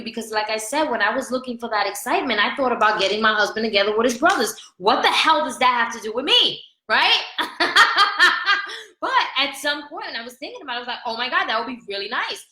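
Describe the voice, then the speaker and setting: A woman life coach giving an animated motivational talk, asking "right?" often and laughing between points. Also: sits high, a little fast, echoey room, low-quality recording.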